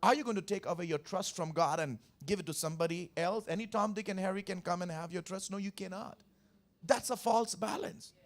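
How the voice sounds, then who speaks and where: Pastor guy from india preaching, pretty high voice, keeps repeating himself and asking the crowd stuff. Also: a little fast. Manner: emphatic, repetitive, questions the congregation. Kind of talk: sermon. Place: church service.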